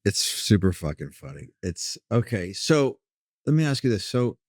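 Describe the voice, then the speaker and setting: Lower-voiced man hosting a casual chat. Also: big pitch swings, moderate pace, a little mellow, dry recording, clean studio sound. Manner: effusive and profane, praising the guest. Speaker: podcast host.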